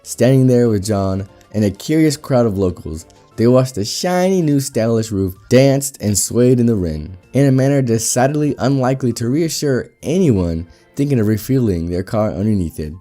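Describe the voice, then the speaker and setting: A man narrating a reddit story aloud in a brisk storytelling manner. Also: mid-range voice, lively intonation, warm tone, soft background music. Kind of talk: reading reddit stories aloud.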